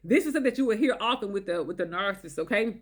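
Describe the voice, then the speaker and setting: Brief: woman vlogger, emphatic, repeats herself, talks straight to the viewer, mid pitch. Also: lively intonation, rapid-fire. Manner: emphatic, repetitive, checks in with "okay?". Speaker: relationship advice vlogger. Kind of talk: direct-to-camera advice talk.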